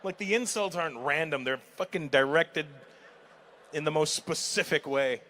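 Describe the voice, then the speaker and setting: Recorded at a live comedy show, with audience and hall noise audible, a middle-aged comedian works the crowd, ribbing people and cracking up at his own jokes. He speaks at a moderate pace in a slightly high, bright, forceful voice.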